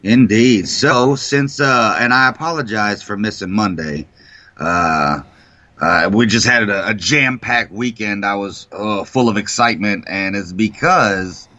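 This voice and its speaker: A man co-hosting a casual morning talk show, retelling a story with heavy swearing and lively energy. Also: on the low side, measured pace. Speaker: co-host. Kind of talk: profane casual chat. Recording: dull lo-fi sound.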